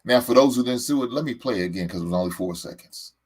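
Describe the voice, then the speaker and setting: Against a noisy background, this host speaks fast and animatedly at a medium pitch in a fired-up fan rant about his team, tripping over and repeating his words.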